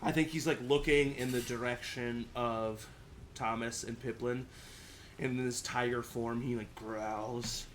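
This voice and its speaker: A man's voice: medium pitch, steady tone, a little slow, a bit bright, slight background noise. Laid-back male game master. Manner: casual, laid-back, chuckling often. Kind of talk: narrating a tabletop game.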